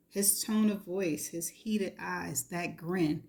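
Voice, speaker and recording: A woman reading a novel aloud in the first person, steady and intimate. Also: fairly low pitch, measured pace. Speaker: reader.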